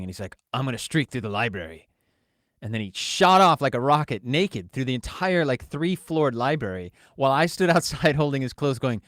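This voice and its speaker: Speaking a little fast in a mid-range voice, a male podcast co-host spins an animated story during relaxed chat and performs each quote. The sound is studio-grade and dry.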